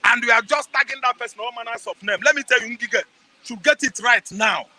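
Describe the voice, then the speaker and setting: Nigerian man, middle-aged, high and sharp voice, preachy vox-pop rant with rhetorical questions. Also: fairly quick, low-quality recording. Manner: preachy, asks rhetorical questions and answers them himself; repeats phrases for emphasis, sometimes shouting. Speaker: interviewee. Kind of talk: impassioned street interview rant.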